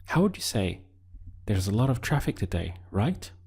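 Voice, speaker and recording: A man teaching a Spanish lesson, speaking deliberately and pausing so the learner can answer. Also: on the low side, sing-song, vocal fry, darkish tone, husky. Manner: slow, deliberate teaching with pauses for learner practice. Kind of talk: video language lesson.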